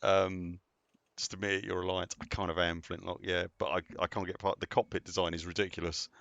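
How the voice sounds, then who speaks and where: Male streamer, very low voice, dry close sound, easygoing rambly chat with viewers. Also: level tone, fairly quick, vocal fry, a bit bright, dry recording, dull audio. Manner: chatty, rambling, answers viewer comments. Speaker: game streamer. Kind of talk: casual live-stream chat.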